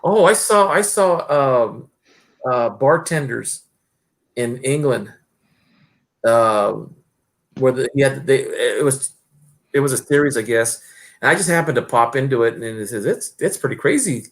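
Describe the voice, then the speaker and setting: A man's voice: medium pitch, unhurried, long pauses. A middle-aged man hosting a stream, chatting casually and rambling with lots of fillers and restarts. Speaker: stream host. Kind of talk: casual chat.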